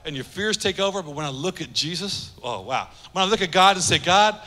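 Fiery high-voiced preacher in a reverberant hall. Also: male voice, quick pace. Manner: passionate, rising to shouts. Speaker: pastor. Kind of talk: sermon.

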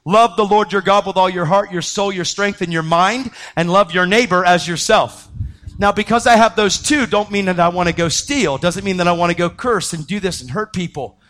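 High-voiced animated man preaching. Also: moderate pace. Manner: animated, acts out quoted voices, pitch jumping up when excited. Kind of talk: sermon testimony storytelling.

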